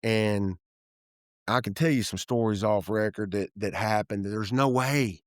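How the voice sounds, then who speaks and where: This man's voice is lowish and a little slow, captured in an office room with clean studio sound and no echo. He's in his fifties, from Tennessee, and works as a real estate developer, appearing as a guest in an interview. He tells candid stories with animation, acting out the people he quotes and often trailing off to restart.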